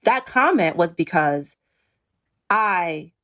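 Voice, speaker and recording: A woman's voice: on the low side, slow. Earnest middle-aged woman recounting a grievance. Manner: earnest, pointed, quotes others in lively voices. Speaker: reality show cast member, guest. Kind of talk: emotional interview talk.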